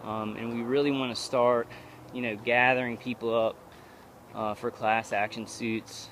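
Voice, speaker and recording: A man talks into a handheld camera as he walks outside at night, and his voice sits at an ordinary middle pitch. He rambles and stops often, restarting his sentences. Faint traffic hums behind him. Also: flat delivery, fairly bright tone. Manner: rambling, halting, many restarts. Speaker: vlogger. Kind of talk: casual walking vlog monologue. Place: outdoors at night, walking.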